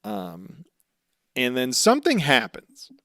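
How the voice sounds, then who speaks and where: Young dude on a podcast recapping episodes, cussing a lot, dry close sound. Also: male voice, medium pitch, no room sound. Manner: animated, swears freely, acts out characters in quick voices. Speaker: podcast co-host. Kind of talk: casual chat recapping anime episodes.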